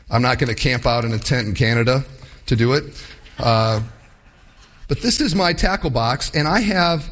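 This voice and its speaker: A man preaching a sermon, telling stories with animation and acting out voices. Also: medium pitch. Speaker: pastor.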